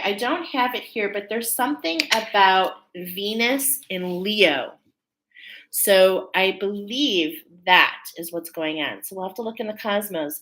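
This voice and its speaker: A woman's voice: medium pitch, fairly bright tone. A woman hosting a live stream as a spiritual reader, chatting casually and spontaneously, thinking aloud and laughing often.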